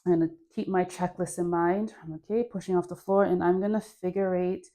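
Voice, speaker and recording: A woman's voice: lowish voice, fairly even intonation, a little fast, dark tone. A young woman leading a home dance workout, talking the viewer through moves in a chatty, encouraging way, with sighs of effort between cues. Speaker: dance instructor. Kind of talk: guided dance class.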